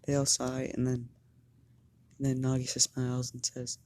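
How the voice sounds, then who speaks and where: A fan storyteller improvising a story narration, halting and often repeating words. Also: mid-range voice, completely flat delivery, darkish tone.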